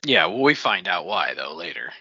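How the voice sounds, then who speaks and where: A man's voice: low voice, big pitch swings, normal speed, vocal fry, bright, forceful tone, husky, dry recording, dull audio. A man co-hosting a casual book podcast, easygoing and chiming in. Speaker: podcast co-host.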